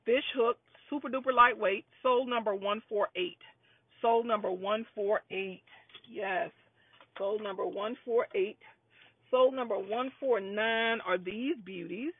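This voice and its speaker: A woman's voice: mid-range voice, unhurried, slightly rough. A woman running a live jewelry sales stream, chatty and upbeat, calling out lot numbers over and over. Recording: dry, phone-like lo-fi sound.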